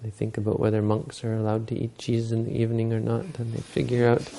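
A man's voice: on the low side, monotone, fast, vocal fry, mellow. A man giving a Buddhist dharma talk, telling stories and explaining teachings unhurriedly, using Pali terms.

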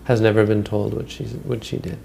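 A man with a low, gravelly voice gives a Buddhist dharma talk, wandering through old teaching stories. He speaks conversationally, often stopping and restarting mid-phrase. His tone stays mellow and dark, with faint background noise. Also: flat delivery, fairly quick. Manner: rambling, conversational, frequent restarts.

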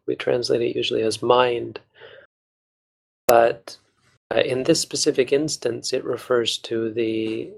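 A male monk guides a study group through a text, speaking in a patient, measured way. His voice has a gravelly fry and stays flat in pitch. He pauses and restarts as he works through each point. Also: poor audio. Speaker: Buddhist monk teacher.

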